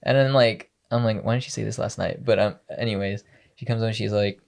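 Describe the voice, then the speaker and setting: A man's voice: on the low side, steady tone, a little fast, creaky. A young man telling a long story in casual podcast chat, rambling with many fillers and quoted dialogue. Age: young adult. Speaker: podcast co-host.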